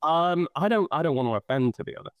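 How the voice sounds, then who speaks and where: British man, podcast host, very fast talker, mid pitch, dry close sound. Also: expressive, clean tone, dry recording, muffled recording. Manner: quick, restarts phrases often. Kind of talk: casual podcast chat.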